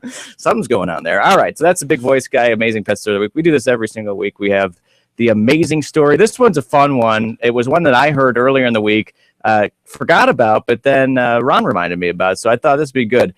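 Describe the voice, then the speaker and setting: Upbeat radio host, dry studio sound. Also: male voice, medium pitch, lively intonation, fast, no room sound. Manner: upbeat, repeats the phone number, easy banter. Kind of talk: casual radio chat.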